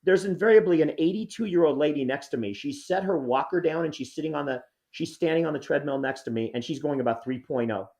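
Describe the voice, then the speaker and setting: A man's voice: on the high side, quick pace, creaky, few pauses, a little mellow. A man in his sixties, a podcast co-host, delivering a rambling, mock-angry comedic rant. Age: 60s.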